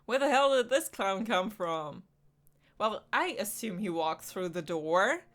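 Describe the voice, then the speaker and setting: A woman's voice: mid-range voice, sing-song, unhurried, a bit bright. Woman making laughing game commentary. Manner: casual, laughing asides. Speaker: game streamer. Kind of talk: let's play commentary.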